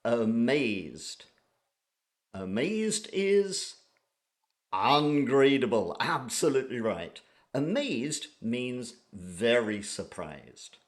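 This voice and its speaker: A man teaching an English vocabulary lesson, speaking deliberately and repeating each key word for learners. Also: mid-range voice, sing-song.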